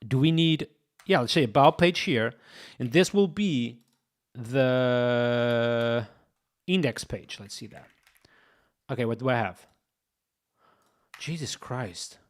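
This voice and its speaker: A man's voice: medium pitch, takes it slowly, long pauses. A young man live-streaming while he codes, thinking aloud, repeating himself and talking straight to his chat. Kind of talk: casual live-stream commentary.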